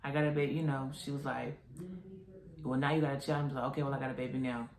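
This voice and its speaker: A woman's voice: extremely low pitch, quick pace, crowd noise. Young woman telling a story in a roomy echo. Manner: animated retelling with quoted voices. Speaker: vlogger. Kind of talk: casual storytime.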